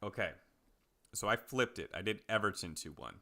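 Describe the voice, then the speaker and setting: A man co-hosting a podcast, chatting casually about soccer picks and betting odds, relaxed and rambling with fillers. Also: on the low side, moderate pace, gravelly. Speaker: podcast co-host. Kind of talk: casual sports betting chat.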